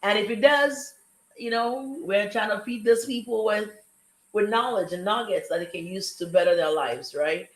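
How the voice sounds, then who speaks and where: A woman's voice: medium pitch, moderate pace, roomy sound, poor audio. A woman with an African accent hosting a live talk show, greeting viewers and a guest with effusive energy. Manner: exuberant, effusive welcomes. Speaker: host. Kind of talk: upbeat live show chat.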